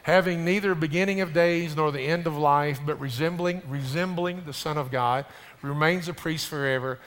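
A man preaching a sermon to his congregation, stumbling over restarts and building to loud, rising emphasis. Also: a little high, moderate pace. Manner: addresses the congregation directly. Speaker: pastor. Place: church sanctuary. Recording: preached in a reverberant hall.

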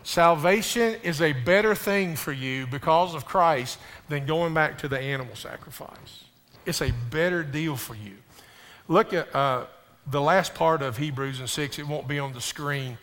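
Male pastor, preaching, slightly high voice, rising loud emphasis, long hall reverb. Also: measured pace. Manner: builds to loud, rising emphasis, many restarts; addresses the congregation directly. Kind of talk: sermon. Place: church sanctuary.

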